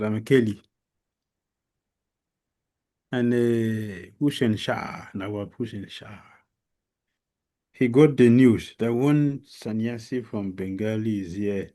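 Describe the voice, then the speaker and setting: A man giving a devotional lecture as a spiritual teacher, telling a story slowly and with emphasis, with many pauses and fillers. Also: mid-range voice, mellow. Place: lecture hall.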